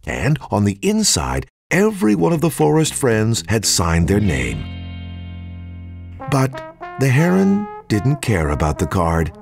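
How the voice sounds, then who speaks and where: A man narrating a children's storybook in an expressive, sing-song read-aloud manner. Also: fairly low pitch, measured pace, vocal fry. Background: music.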